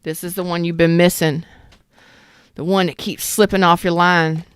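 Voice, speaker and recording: A woman's voice: on the low side, level tone, moderate pace, clean tone, dry recording. A woman hosting a live tarot reading, casual and emphatic, repeating phrases and chatting with viewers. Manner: talks to viewers in the chat.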